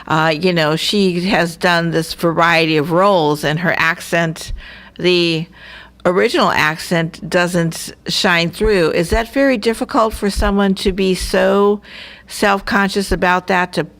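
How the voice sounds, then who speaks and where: A woman's voice: lowish voice, fairly even intonation, a little slow, a bit bright. A woman co-hosting a radio interview, asking questions hesitantly with many fillers. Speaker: radio co-host.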